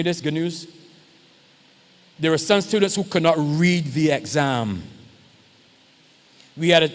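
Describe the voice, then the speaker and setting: Pastor, male, higher-pitched, chatty church talk that keeps checking in with the crowd, long hall echo. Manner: conversational, keeps checking in with the audience. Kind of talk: informal address at a church youth service.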